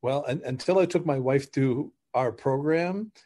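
A middle-aged man, a podcast guest who coaches couples, telling stories in lively conversation, laughing and acting out dialogue as he explains. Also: medium pitch, a little slow. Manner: animated, laughs while explaining, acts out dialogue. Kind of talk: conversational storytelling.

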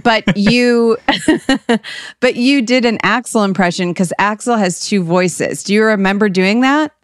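A woman co-hosting a casual chat, talkative and quick to laugh, often breaking off with apologies and asides. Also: mid-range voice, dry recording, studio quality. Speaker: podcast co-host.

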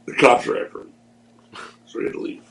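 Speaking fast with a fairly bright tone, the man, once a wrestling promoter, rambles through stories during a laid-back interview. The recording is low quality.

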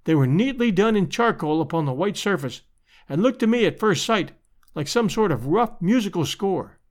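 A man narrating a storybook adventure in an expressive, measured way. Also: high-pitched. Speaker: audiobook narrator.

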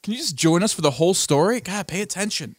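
A man's voice: high voice, animated, fast, no echo, studio quality. A man co-hosting a podcast, bantering dryly and teasing his partner with frequent laughs. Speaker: podcast co-host. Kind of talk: casual chat.

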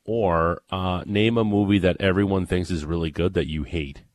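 A man's voice: sits low, fairly even intonation, moderate pace, dry recording, clean studio sound. A man co-hosting a sports radio show, opinionated and joking in casual banter. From Ontario. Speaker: radio co-host.

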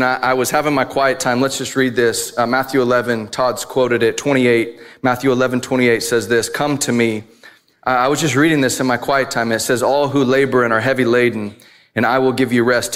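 A man's voice: mid-range voice, a bit bright. A man who is a father of young boys, preaching a casual, conversational sermon full of asides and self-deprecating laughs. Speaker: pastor.

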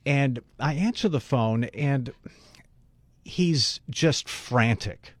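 Male radio co-host, mid-range voice, dry close mic, lively storyteller. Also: mid-range voice, very slow, no room sound. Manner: animated storyteller, voices the people in his story. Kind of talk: casual radio chat, storytelling.

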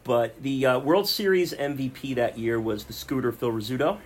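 A man's voice: medium pitch, moderate pace. Joking male podcast host. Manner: reads film facts, jokes with co-hosts. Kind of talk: casual podcast chat.

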